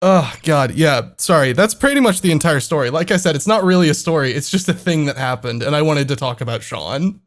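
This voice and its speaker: A man's voice: fairly high pitch, expressive, fairly quick, hardly any pauses. A young man co-hosting a comedy podcast, telling a story in a rambling, laughing, profane way. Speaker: podcast co-host.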